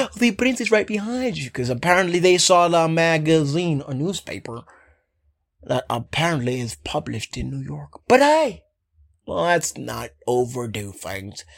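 Sarcastic rambling film recapper, lively pitch. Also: creaky. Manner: sarcastic, rambling, keeps saying "anyway"; swears then apologizes. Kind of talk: casual ranting film recap.

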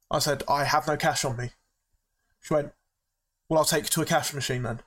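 Dry, relaxed man, somewhat high. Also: moderate pace, pauses often, a little hiss or hum. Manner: relaxed, hesitant with fillers, dry reactions. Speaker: podcast co-host. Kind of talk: casual chat, storytelling.

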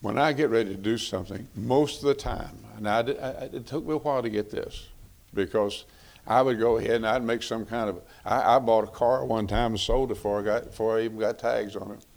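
A man's voice: fairly low pitch, steady tone, fairly quick, gravelly, a little mellow. A middle-aged man preaching a sermon on marriage in a folksy, conversational way, repeating phrases for emphasis.

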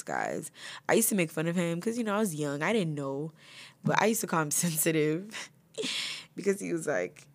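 A young woman talks straight to her viewers, relaxed and chatty, often laughing between words. Her voice sits low for a woman, with lots of "like" and "you know". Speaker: vlogger. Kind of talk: casual storytelling to the camera.

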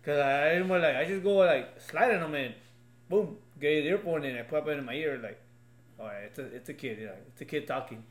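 A man's voice: fairly high pitch, fast, echoey room. A father in casual podcast chat, telling loose anecdotes and leaning on filler words.

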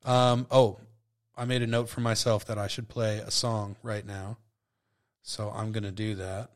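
Speaking a little slowly in a fairly low voice with little pitch movement, a tipsy solo podcast host rambles, curses, and frequently interrupts himself.

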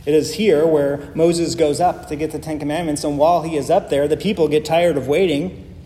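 A man preaches a sermon from the pulpit in a fairly high, mellow voice. He leans on emphatic repetition to drive his points home, and his words trail off into the long reverb of a large church hall over a faint hiss. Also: steady tone, a little fast. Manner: emphatic, builds through repeated phrases. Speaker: pastor.

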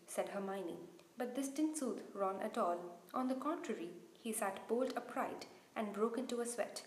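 Brief: woman storyteller reading a children's novel aloud, expressive, fairly high voice, roomy echo. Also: normal speed. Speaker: reader.

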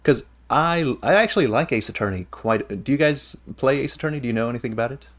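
A man's voice: mid-range voice, animated, quick pace. Man rambling eagerly as podcast host. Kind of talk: casual podcast chat.

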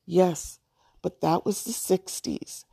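A calm, dignified man who explains in a measured, earnest tone, as a woman reading a story puts him on. The voice is low and dark, with a strong gravelly rasp. It sounds dry and close to the mic. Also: no room sound, exaggerated voice. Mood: solemn.

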